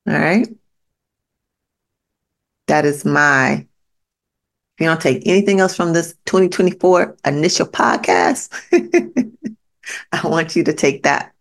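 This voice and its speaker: Gravelly-voiced woman giving a blunt pep talk. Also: low voice, a little slow, pauses often. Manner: emphatic repetition to the listener. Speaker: podcast host. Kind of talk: motivational podcast monologue.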